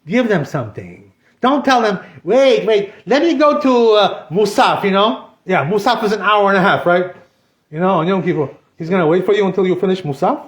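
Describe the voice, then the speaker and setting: Male rabbi, high voice, conversational Torah lesson, echoey hall sound, keeps saying "you know". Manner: conversational, constantly says "you know", mixes in Hebrew terms. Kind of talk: informal Torah class. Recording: echoey room.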